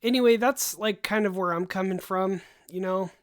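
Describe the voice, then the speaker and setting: A young man hosting a casual livestream, rambling and animated, with frequent sighs and asides, his voice tiring from long talk. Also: high-pitched, normal speed. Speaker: host.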